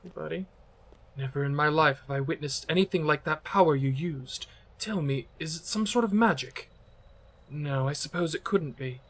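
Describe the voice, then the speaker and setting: A man's voice: on the high side, moderate pace. A man putting on a weary soldier with an accent. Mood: solemn. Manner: attempted accent, quiet, solemn. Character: weary male soldier mentor, solemn.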